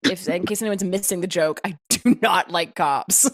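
A woman co-hosting a comedy podcast, animated and joking, laughing often through casual chat. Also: lowish voice, moderate pace. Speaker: podcast co-host.

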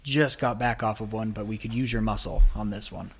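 A man narrating a tabletop role-playing game as game master, in a casual, halting way with restarts. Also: lowish voice, steady tone, creaky, slightly rough.

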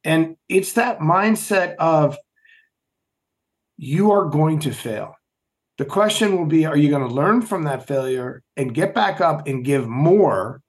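A middle-aged man with a somewhat high-pitched voice tells a story in an interview. He is emphatic and animated and keeps asking his listener rhetorical questions. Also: slow pace. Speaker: podcast guest, former Navy SEAL.

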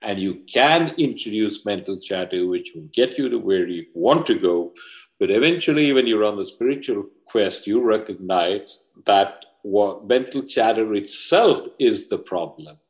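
In this interview, a male leadership coach makes his points through emphatic parables and storytelling. His voice is lowish, with lively intonation and a measured pace, and he has the manner of a forceful teacher.

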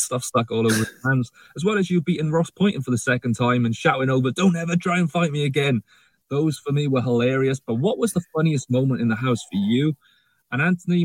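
A man's voice: mid-range voice, a little mellow, dry recording, poor audio. A man sending a recorded voice message to a podcast, a chatty fan who asks questions and swears casually.

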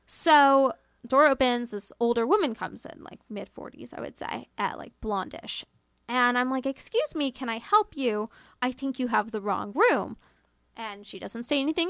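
A young woman tells a personal ghost story in a loose, chatty way, full of fillers and casual swearing, acting out her own lines as she goes. Her voice sits a little high with plenty of gravelly fry. The sound is dry and close, with no room echo. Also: fairly bright tone.

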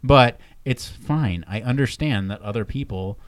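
A man's voice: medium pitch, measured pace, no echo. A man co-hosting a podcast, chatting casually and wandering off into tangents and personal stories. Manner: rambling, tangent-prone storyteller. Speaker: podcast co-host.

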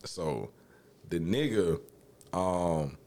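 A young man, telling a story in a casual podcast chat, animated and swearing freely. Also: extremely slow. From Alabama, US. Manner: animated, swearing, acts out quotes in high voices. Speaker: podcast co-host.

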